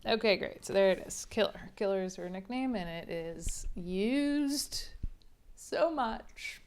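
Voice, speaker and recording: A woman's voice: mid-range voice, slow pace, darkish tone, clean tone. A woman reviewing a romance novel in a chatty, sarcastic way. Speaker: book reviewer. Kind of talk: casual book review.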